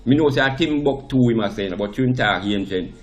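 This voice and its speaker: A man with a Jamaican accent, a priest, recounting a story in conversation. He tells it in a lively way, often restarting his sentences and slipping into the voices of the people he quotes. His voice sits at a middle pitch. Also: a little fast, lo-fi sound, a little hiss or hum. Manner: animated anecdote, acts out quoted voices, frequent restarts. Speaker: priest and interview guest.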